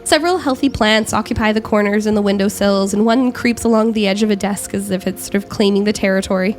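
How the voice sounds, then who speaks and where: A woman narrating as game master of a tabletop game, describing scenes with frequent pauses and self-corrections. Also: medium pitch, faint music behind.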